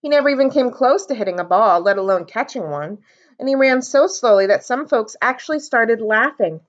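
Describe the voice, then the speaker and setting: A woman reads a storybook aloud for a library storytime, her voice animated and swinging widely in pitch. She sits a little high for a woman, and the sound is dull and lo-fi. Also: fairly quick. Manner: expressive, animated. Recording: dull lo-fi recording.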